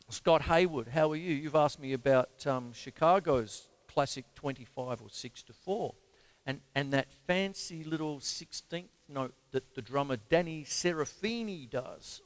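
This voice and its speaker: Australian drum teacher counting beats aloud. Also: male voice, mid-range voice. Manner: counts beats aloud in rhythm, chatty with fillers. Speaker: drum teacher and show host. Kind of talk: casual drum lesson talk. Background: drum kit playing.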